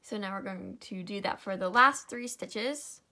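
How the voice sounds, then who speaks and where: A woman's voice: mid-range voice, unhurried, pushed and bright. A sleepy young woman walks through a craft project in a casual, chatty way. She keeps correcting herself and apologizing as she goes. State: sleepy, yawning. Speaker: craft tutorial host. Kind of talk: casual step-by-step tutorial.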